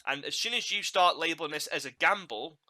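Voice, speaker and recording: A man's voice: fairly high pitch, fairly quick, bright, forceful tone. A man hosting a podcast, chatting casually and animatedly, laughing at his own mishaps and repeating words as he goes. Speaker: podcast host.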